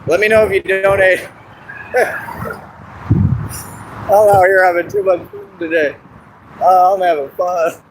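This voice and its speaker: A man chatting casually and boastfully on an outdoor livestream, laughing often and going hoarse. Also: sits high, flat delivery, a little slow, pauses often, a little hiss or hum, rough recording. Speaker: street performer in costume. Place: outdoors in a park.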